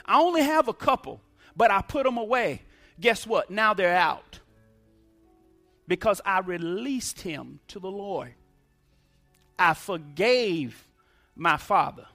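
A man's voice: high voice, animated, a little slow, gravelly, a bit bright, faint music behind. A middle-aged man preaching a sermon testimony, emphatic, using call-and-response.

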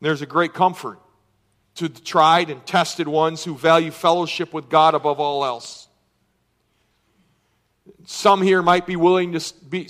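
A middle-aged male pastor with a high voice delivers a sermon. He reads scripture aloud with earnest emphasis. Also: a bit bright.

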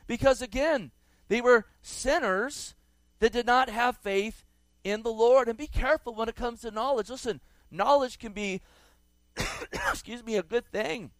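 A man's voice: very high-pitched, a little slow, a bit bright, no echo. A man preaching a sermon with emphatic stress on key words, quoting scripture in a raised, dramatic voice.

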